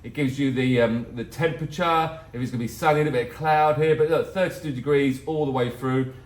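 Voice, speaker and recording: A man's voice: medium pitch, steady tone, fast talker. A middle-aged man hosting a casual weather vlog, talking in a jokey, rambling way. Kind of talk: casual chatty weather update.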